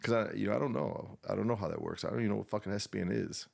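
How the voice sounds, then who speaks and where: A man, a veteran guest on a podcast, telling an emotional personal story in a halting, subdued way, with many restarts and fillers and frequent swearing. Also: on the low side, gravelly, darkish tone.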